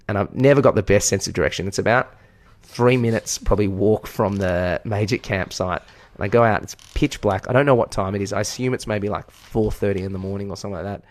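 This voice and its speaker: A man's voice: lowish voice, darkish tone, no room sound. A man with an Australian accent, co-hosting a podcast and telling a long story in a candid, profane, self-deprecating way. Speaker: podcast co-host. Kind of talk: casual chat, storytelling.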